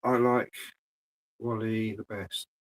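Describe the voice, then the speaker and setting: Deep-voiced man rambling on a livestream. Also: flat delivery, takes it slowly, a little hiss or hum, low-quality recording. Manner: rambling, dry, talking to the chat. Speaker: host. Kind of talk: casual livestream chat.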